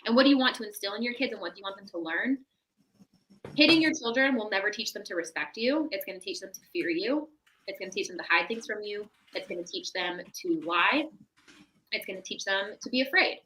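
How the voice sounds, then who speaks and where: A woman's voice: medium pitch, lively intonation, fairly quick, sharp tone, poor audio. A woman, a mental health professional appearing as a podcast guest, talking in a reflective, explanatory way and often checking in with "right?". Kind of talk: casual podcast chat.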